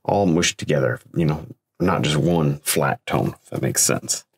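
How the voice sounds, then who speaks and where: Low husky man demonstrating painting. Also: a little slow, no room sound, studio quality. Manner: relaxed, thinks aloud, encouraging. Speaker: painting instructor.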